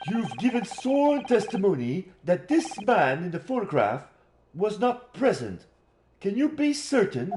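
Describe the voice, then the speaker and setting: A man voicing an earnest young male defense lawyer in a lively, questioning tone. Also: high-pitched, a little slow, echoey room, a little hiss or hum, pitched above the performer's own voice, heavily acted.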